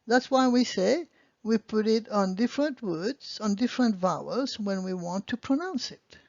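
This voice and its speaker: A woman's voice: mid-range voice, expressive, normal speed, a little mellow, dry recording. A woman teaching a beginner language lesson, patiently explaining and often checking in with "okay?". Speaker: French teacher. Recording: dull lo-fi dry sound.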